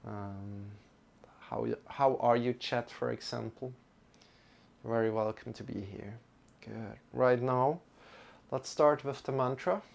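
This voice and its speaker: Gravelly-voiced man guiding yoga. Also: medium pitch, unhurried. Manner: calm, gentle guiding instructions; greets chat viewers by name. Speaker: yoga teacher. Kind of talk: live-streamed yoga class guidance.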